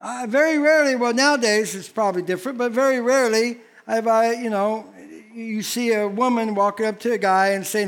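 A man's voice: very high-pitched, fairly quick, few pauses. An older man, a pastor, preaching a sermon in a folksy, blunt manner and acting out quoted voices.

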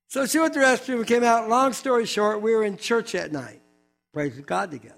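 This is an older man delivering a sermon as a personal testimony, with a notably high voice for a man. His manner is animated and humorous, full of quick asides. Faint music plays in the background. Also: vocal fry. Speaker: preacher.

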